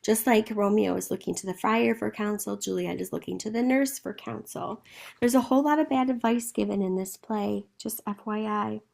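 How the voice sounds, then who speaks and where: Casual woman teacher, gravelly fry, talks students through the text. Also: mid-range voice, moderate pace, a little mellow. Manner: conversational, asks rhetorical questions. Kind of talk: explaining a play to students.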